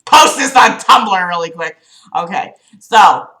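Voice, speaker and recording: Young woman, livestream host, chatty and profane, slight cough, bright voice, echoey room. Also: mid-range voice, lively intonation, takes it slowly. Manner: chatty, profane, fretful and giggly. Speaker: livestream host reading a friend's book. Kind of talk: casual livestream chat and reading aloud. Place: room at home.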